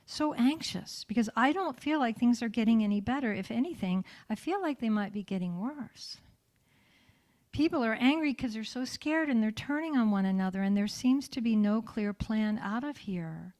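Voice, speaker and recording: A woman's voice: fairly high pitch, expressive, normal speed, darkish tone, natural voice. A woman reading the part of a frightened, anxious male toy bear in a storybook, pouring out her worries in a pleading rush. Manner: breathless, pleading worry.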